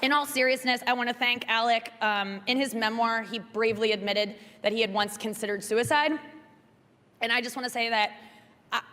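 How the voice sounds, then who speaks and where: A woman delivering deadpan roast jokes on the stage of a large venue. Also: on the high side, normal speed. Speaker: roast comedian. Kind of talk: roast set. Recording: reverberant hall with clear noise.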